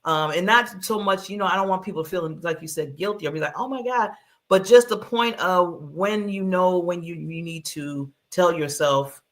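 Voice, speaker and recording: A woman's voice: on the low side, normal speed. A woman hosting an interview show, responding with encouraging affirmations and recapping her guest's points. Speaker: host.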